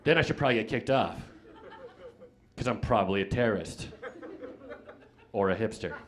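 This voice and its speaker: A man's voice: on the low side, lively intonation, normal speed, crowd noise. Rambling young male stand-up comedian. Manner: rambling, self-deprecating storytelling with frequent "like" and restarts. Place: comedy club stage with live audience.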